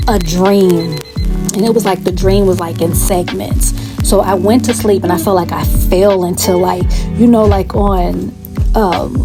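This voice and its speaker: Chatty woman telling a story over music. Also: medium pitch. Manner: chatty and animated, with asides and fillers. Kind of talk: casual storytime monologue. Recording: music playing clearly behind.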